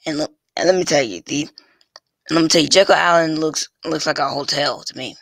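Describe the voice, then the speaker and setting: A man's voice: fairly high pitch, creaky, fairly bright tone, no room sound. A male vlogger talking casually to his viewers, stumbling and repeating phrases over and over before finishing a thought. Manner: halting, restarts and repeats phrases constantly. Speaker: YouTube vlogger. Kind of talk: casual rambling vlog talk. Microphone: desk mic with pop filter.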